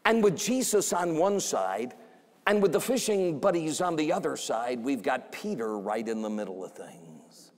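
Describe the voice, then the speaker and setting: A man's voice: medium pitch, sing-song, normal speed. A man preaching a revival sermon as an evangelist. He tells the story with animation, acts out the quoted voices and repeats phrases for emphasis. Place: church sanctuary. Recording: long church hall reverb.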